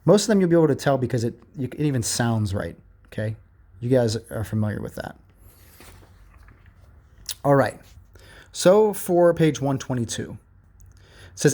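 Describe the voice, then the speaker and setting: A man's voice: medium pitch, sing-song, mellow. Patient man teaching a grammar lesson. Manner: patient, slow and repetitive explanations with frequent "okay?" checks. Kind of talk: remote grammar lesson, reading aloud from a workbook.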